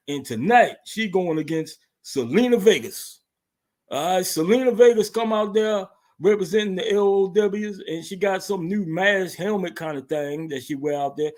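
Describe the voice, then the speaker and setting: Guy with a high voice running down last week's wrestling, slangy and loose, cussing a lot. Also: darkish tone. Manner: loose slangy storytelling with profanity and laughter. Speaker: host. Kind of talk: casual wrestling recap.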